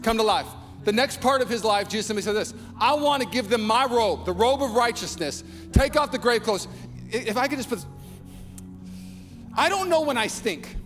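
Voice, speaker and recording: A young adult male pastor preaching a sermon with lots of energy, shouting out lines and acting out quoted voices. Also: high-pitched, in a large hall. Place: large church hall.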